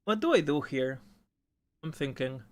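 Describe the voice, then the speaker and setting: A man's voice: a little high, animated, a little slow. A young man casually commentating his own game stream, often stammering and repeating words, swearing now and then.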